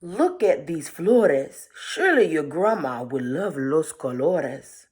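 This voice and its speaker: A woman's voice: deep voice, very animated, takes it slowly, darkish tone, slightly rough, heavily acted. A woman voicing a sly male wolf in disguise who coaxes in a storybook read-aloud. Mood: coaxing.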